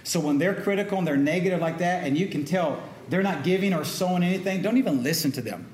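A middle-aged male pastor with a slightly raised voice, preaching in a relaxed, conversational way and pausing to ask the congregation for an amen. The sound is roomy and echoey, with a faint hum of ambience behind him. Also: high voice. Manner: conversational preaching, call-and-response asides. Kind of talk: sermon.

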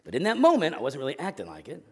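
A man in his thirties preaching from the pulpit, his voice sitting a little higher than most men's. He talks candidly and pokes fun at himself, then breaks into loud, acted yelling when he replays a family scene. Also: wildly swooping pitch, racing, husky. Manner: candid, self-deprecating storytelling with dramatic bursts of acted yelling. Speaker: pastor. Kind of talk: sermon.

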